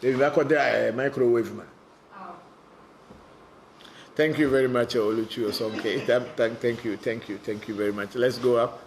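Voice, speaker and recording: A man with a gravelly, mid-pitched voice hosts a live online Q&A, answering viewer questions as a spiritual teacher. He speaks bluntly and directly, often repeating words as he searches for the next thought, with a faint hiss of noise behind him. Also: steady tone, moderate pace, long pauses.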